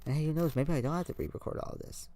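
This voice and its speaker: A man hosting a let's play at home late at night, talking quietly but clearly excited. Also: on the high side, racing. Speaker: gaming YouTuber host. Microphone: handheld mic held close.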